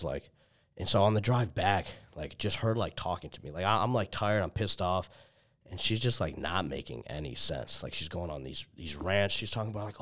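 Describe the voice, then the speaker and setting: A man's voice: low voice, moderate pace. A young man telling a long personal story in casual chat, loaded with "like" and swearing, often acting out what people said. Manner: heavy filler "like", swears, restarts, quoted dialogue.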